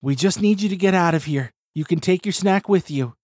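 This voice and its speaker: A man voicing a calm, steady young woman who speaks soothingly. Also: on the low side, a little fast, no room sound, studio quality, voice pushed up, close to an everyday voice.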